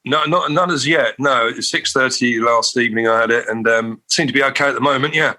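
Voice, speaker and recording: A man chatting loosely on a podcast, often laughing and tripping over his words as he gets going. His pitch sits in an ordinary middle range, and he has a bright, forward voice. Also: brisk. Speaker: podcast co-host. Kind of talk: casual chat.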